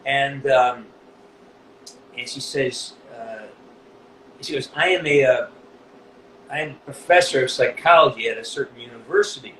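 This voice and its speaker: Speaking at normal speed with long pauses, this guest voice actor has a medium-pitched, fairly bright voice. He voices a game character and shares an emotional story in a relaxed interview, cursing freely and frequently starting over, in an echoey room with faint noise behind him.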